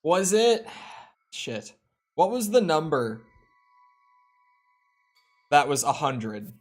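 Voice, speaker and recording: A man's voice: fairly high pitch, very animated, very slow, soft background music. A young man streaming a video game, talking to himself in a casual, rambling way with frequent restarts. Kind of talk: casual gameplay commentary.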